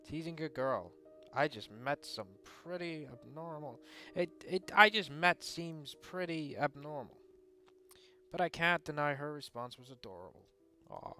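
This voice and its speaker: A man's voice: on the high side, expressive, a little slow, bright, forceful tone, soft background music. A man playing and reading aloud a visual novel, joking and teasing, swearing freely between narrated lines. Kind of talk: casual gaming commentary with narration.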